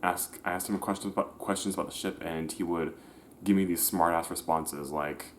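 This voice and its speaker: A man's voice: deep voice, fairly even intonation, moderate pace, a little hiss or hum. A man telling a personal story in a casual, rambling way, often restarting and correcting himself, with slangy everyday talk. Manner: slangy, conversational.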